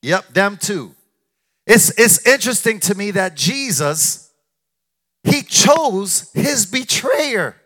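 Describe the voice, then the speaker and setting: A man's voice: high-pitched, sing-song, slow, a bit bright. A man preaching a sermon as pastor, emphatic and repeating his phrases in call-and-response style.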